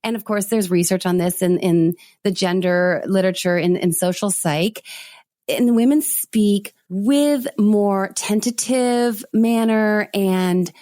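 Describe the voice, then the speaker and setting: A woman's voice: mid-range voice, slow pace, dark tone, no room sound, studio quality. A woman in her fifties hosting an interview podcast, chatty and thinking aloud as she asks questions. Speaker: podcast host. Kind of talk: conversational interview.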